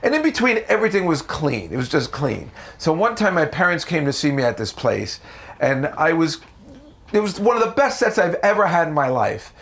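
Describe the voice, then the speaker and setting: A man from the United States, a comedian telling stories in a casual interview, animated and profane. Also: normal speed. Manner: animated, profane, jumps into high voices for quotes. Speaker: comedian guest.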